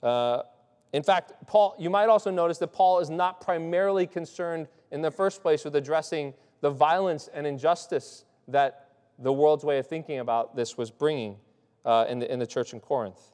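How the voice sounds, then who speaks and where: Guy preaching in a church, voice a bit on the higher side, loose and chatty, lots of restarts and "right?", long echo in the room. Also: normal speed, darkish tone. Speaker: pastor. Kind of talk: conversational sermon. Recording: long hall reverb.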